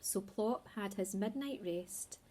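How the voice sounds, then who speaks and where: A woman reading a children's story aloud in a slow, expressive way. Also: mid-range voice.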